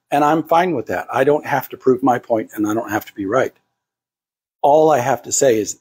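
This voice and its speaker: A man's voice: mid-range voice, lively intonation, brisk, darkish tone, slightly rough. A man preaching to a congregation, acting out the voices of the people he quotes. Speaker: pastor. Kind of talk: sermon.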